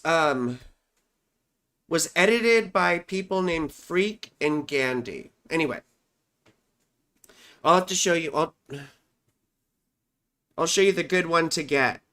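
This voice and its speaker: A woman hosts a live stream and lectures at an unhurried, drawn-out pace. Her voice is bright and pointed. She rambles along casually and keeps turning to her viewers with loose, slangy asides. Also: lowish voice. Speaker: astrologer hosting a live stream.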